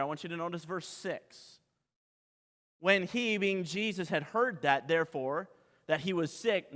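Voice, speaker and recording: Male pastor, dramatic sermon, high bright voice, long hall echo. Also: measured pace. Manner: dramatic preaching, sung hymn opening, rhetorical questions.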